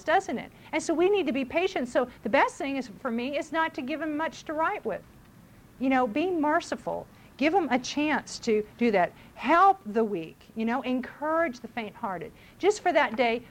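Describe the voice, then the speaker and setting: A middle-aged mother giving casual parenting advice, chatty, who acts out what people say. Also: high voice. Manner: chatty, acts out voices in quotes.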